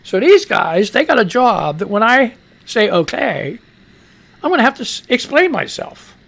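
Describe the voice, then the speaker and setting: A man's voice: extremely high pitch, big pitch swings, normal speed, gravelly, fairly bright tone. A middle-aged American man hosting a live radio news show, rambling and profane, talking back to himself as he reads the news. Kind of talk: casual live-stream news commentary.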